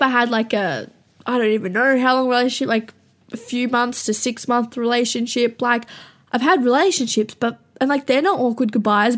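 A young woman hosting a show, telling rambling, self-mocking stories to listeners in a casual, profane way and laughing often. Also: high voice.

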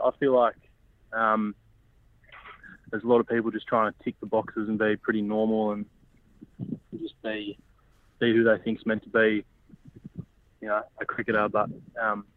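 A man's voice: on the low side, little pitch movement, moderate pace, pauses often. A man, speaking as a guest on a comedy podcast and rambling in a laid-back way with lots of fillers. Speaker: guest cricketer. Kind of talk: comedic podcast interview over a phone line. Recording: tinny phone line.

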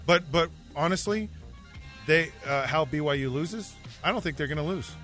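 A man's voice: on the high side, normal speed, a bit bright, soft background music. A man co-hosting a sports radio show, earnestly breaking down a football game and often restarting his sentences. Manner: earnest, analytical, repeats words when starting. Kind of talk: casual sports talk radio banter. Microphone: studio microphone.

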